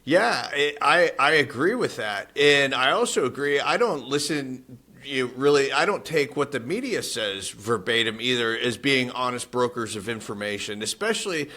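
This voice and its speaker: A man's voice: medium pitch, animated, normal speed, pushed and bright. A man co-hosting a political podcast, talking casually and skeptically with frequent restarts. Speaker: podcast co-host.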